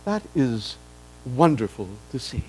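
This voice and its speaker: Male pastor, unhurried sermon delivery, high voice with wide swings, addresses the congregation. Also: a little hiss or hum, poor audio. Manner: animated, rising and falling emphasis, addresses congregation directly. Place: church.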